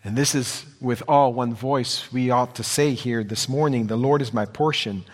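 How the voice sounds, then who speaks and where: A man's voice: medium pitch, fairly even intonation, normal speed. A man preaching a sermon in an earnest way, repeating phrases for emphasis. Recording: long hall reverb.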